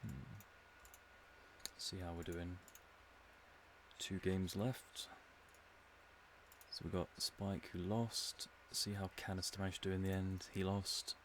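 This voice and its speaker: A man's voice: sits low, little pitch movement, takes it slowly, long pauses, a little hiss or hum. An English man streaming a game, musing and rambling in a casual commentary with dry humour. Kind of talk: casual commentary while playing.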